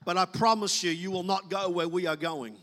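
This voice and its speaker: A man's voice: sits high, steady tone, fairly quick, bright, forceful tone, big-room sound. A man preaching a sermon as pastor, talking to the congregation in a loose, conversational way and acting out quoted voices.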